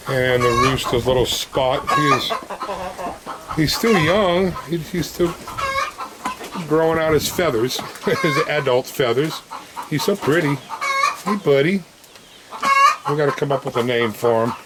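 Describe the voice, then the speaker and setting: A man giving a relaxed, chatty walk-through of his farm, talking fondly to his chickens as he feeds them. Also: mid-range voice, unhurried, very noisy. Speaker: homesteader showing his farm. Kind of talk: casual walk-through vlog. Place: outdoors on a farm, in and around a chicken coop. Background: chickens clucking and a rooster.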